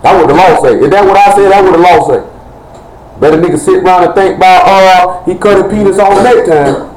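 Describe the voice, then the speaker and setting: In an informal live-streamed sermon, a man with a high, somewhat dark voice talks a little fast, joking around in loose Southern American street slang. The room is echoey, with faint ambient noise in the background.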